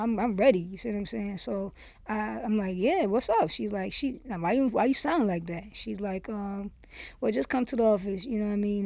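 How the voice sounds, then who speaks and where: A former rapper from Miami, USA, speaks as a podcast guest, casually telling stories in an interview. Her medium-pitched, gravelly voice is mellow and dry, yet she's candid and animated, acting out quoted dialogue and often saying "you see what I'm saying." The recording is dry.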